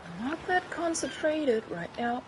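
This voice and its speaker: A woman's voice: high voice, very animated, measured pace, very noisy. A young woman streaming a game, chatting casually in English as a second language, rambling and searching for words as she corrects herself. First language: not English. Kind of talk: casual chat while gaming.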